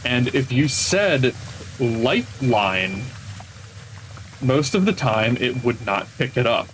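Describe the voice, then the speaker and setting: A man's voice: mid-range voice, expressive, a little slow, slight background noise, rough recording. A man streaming games, telling long casual stories that trail off and restart. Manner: rambling storyteller, trails off mid-sentence. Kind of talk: casual chat while gaming.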